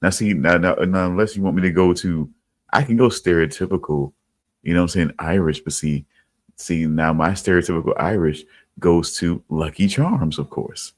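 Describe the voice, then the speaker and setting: A man co-hosting a podcast in casual chat, halting and repeating himself. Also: low voice, no echo. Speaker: podcast co-host.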